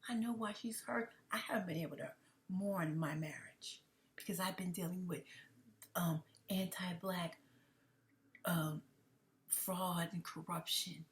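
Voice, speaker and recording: A woman's voice: lowish voice, a little slow, long pauses, a little hiss or hum. A woman giving an emotional commentary monologue, often dropping to a whisper and repeating herself. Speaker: commentary vlogger.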